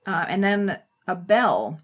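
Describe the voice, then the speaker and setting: A woman guest on a podcast, an author and editor who talks about poetry with enthusiasm and reads verse slowly and expressively. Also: lowish voice, big pitch swings. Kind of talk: podcast conversation with poetry reading.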